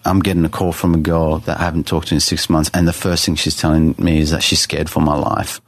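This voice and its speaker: As a guest artist on a podcast interview, a man tells his life story as earnest personal testimony, restarting often. His voice is extremely low and level, and he speaks quickly.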